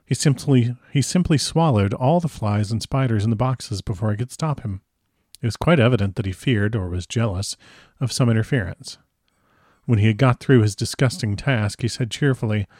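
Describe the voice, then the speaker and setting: A man's voice: lowish voice, a little mellow, no echo, clean studio sound. A man reading a classic novel aloud chapter by chapter, breaking off for chatty, casual asides. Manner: chatty asides between read passages. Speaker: audiobook reader.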